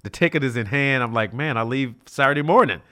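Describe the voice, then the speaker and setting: A middle-aged man from South Central Los Angeles spins stories as an interview guest, sprinkling in "you know" and "like." His voice sits at an ordinary middle pitch. He slips into the quoted lines of other people as he goes. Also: quick pace. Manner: animated, acts out quoted dialogue, many fillers like "you know". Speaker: guest, former college football player. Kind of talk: storytelling in a casual interview.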